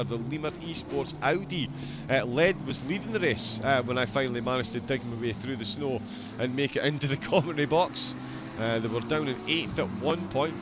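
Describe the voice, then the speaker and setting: A man commentating a sim race, brisk and chatty, often laughing with a guest. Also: mid-range voice. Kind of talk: sim racing commentary and banter. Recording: noisy stream audio.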